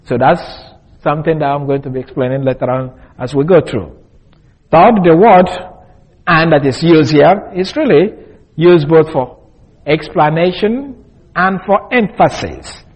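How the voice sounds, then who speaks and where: A male Bible teacher giving a deliberate expository lesson and spelling out Greek words letter by letter. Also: on the high side, slightly rough, dull audio.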